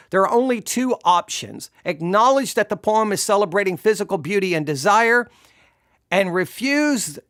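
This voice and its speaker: A man giving a sarcastic, exasperated commentary while reviewing a sermon, shifting between slow explanation and animated disbelief. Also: sits high, no echo, studio quality. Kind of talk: video commentary.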